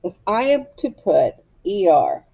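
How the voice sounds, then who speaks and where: A woman teacher leading a phonics lesson for young children, clearly drilling sounds and words for them to echo. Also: mid-range voice, sing-song, measured pace, highs cut off.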